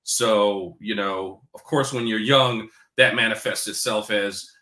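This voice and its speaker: A forceful, bright, low-leaning voice speaks steadily at a measured pace in a reverberant space. The speaker is a New Yorker in his forties being interviewed, candid and casual, profane, easy to laugh, and heavy on fillers. His accent is mostly neutral American with a faint Black New York tinge.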